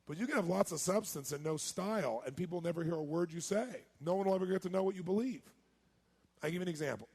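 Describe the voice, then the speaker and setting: Raspy energetic seminar speaker man. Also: high-pitched, fast. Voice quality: raspy, gravelly. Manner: energetic, quizzing the audience. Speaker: motivational speaker. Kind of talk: live seminar talk.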